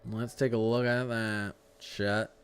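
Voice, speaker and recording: A man with a lowish, fairly flat voice speaks slowly and cleanly while hosting a casual weather livestream, reading radar and answering chat. His delivery is loose, with restarted sentences and stumbles over place names. He's an adult with a young son.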